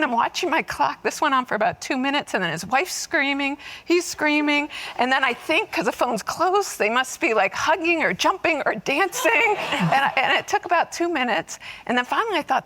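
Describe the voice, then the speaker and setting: A woman who led admissions, telling an animated, laughing story on an auditorium panel. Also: fairly high pitch, brisk, few pauses, low-quality recording. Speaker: lecturer and former admissions head. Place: auditorium stage.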